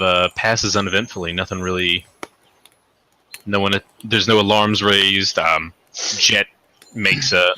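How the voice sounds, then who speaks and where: Man, game master, tabletop game narration, rambling, full of fillers, bright edgy voice, fairly low pitch. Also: slight background noise. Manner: rambling, hedging, many fillers.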